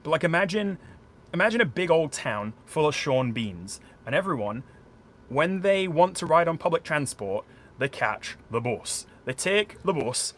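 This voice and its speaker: A man's voice: a little high, big pitch swings, moderate pace, fairly bright tone. Chatty South Yorkshire man streaming a board game. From small town outside Sheffield, England. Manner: chatty, rambling, thinks aloud, talks to viewers. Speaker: live streamer playing a solo board game. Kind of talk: casual live-stream chat explaining rules. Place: indoors at home, curtained room. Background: faint boiler noise.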